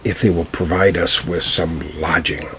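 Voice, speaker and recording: A man's voice: low voice, level tone, moderate pace, bright, forceful tone, a little hiss or hum. A man voicing a careful, clever man who leads his animal friends in a folk tale. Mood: cautious. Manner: careful, persuasive.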